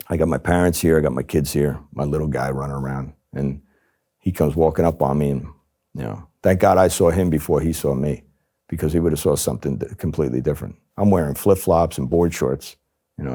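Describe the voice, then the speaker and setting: Middle-aged man, from New Jersey, low voice, dark tone, interview storytelling. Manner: animated, acts out quoted voices. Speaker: former undercover agent.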